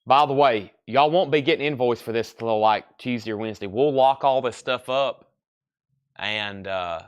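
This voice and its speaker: A man's voice: medium pitch, normal speed, clear, resonant tone. A man hosting a live online sale, chatting in a folksy, easygoing salesman patter and sounding tired. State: sleepy, yawning. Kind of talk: live auction selling.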